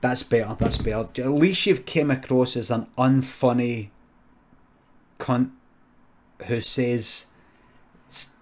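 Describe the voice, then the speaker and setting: A Scottish male comedian streamer improvises a funny story, narrating deadpan with plenty of swearing and quick muttered asides. His voice is mid-range.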